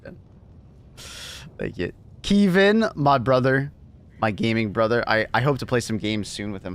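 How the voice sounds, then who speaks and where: A man's voice: medium pitch, gravelly. A man hosting a livestream in casual chat, laughing often and swearing loosely as he reads messages.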